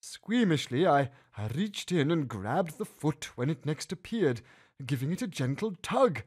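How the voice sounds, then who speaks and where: Man, storyteller, high voice, lively delivery, slow pace. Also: breathy edge. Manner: animated, puts on voices for the characters. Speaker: story narrator. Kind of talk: storytelling read-aloud.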